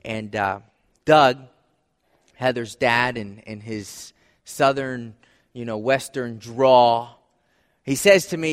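A man's voice: medium pitch, takes it slowly, pauses often, clean tone. A man preaching a sermon as pastor, earnest and repeating phrases for emphasis. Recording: long hall reverb.

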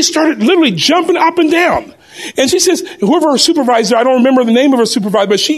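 A man telling a personal testimony story to a congregation in an animated way, often laughing as he goes. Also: very high voice, a little fast, slightly rough.

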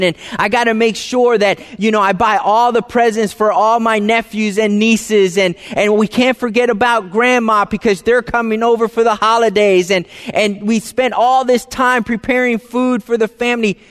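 A high-voiced man preaches a sermon as a pastor. His delivery is conversational and easy, and he drops to soft, hushed phrases for emphasis. His voice rings out in a long, reverberant church hall.

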